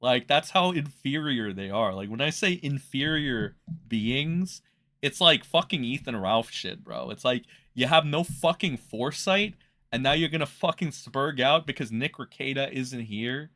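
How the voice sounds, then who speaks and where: A man's voice: mid-range voice, expressive, unhurried, bright, forceful tone. A man hosting a reaction commentary, ranting in a profane, mocking way. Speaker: commentary host.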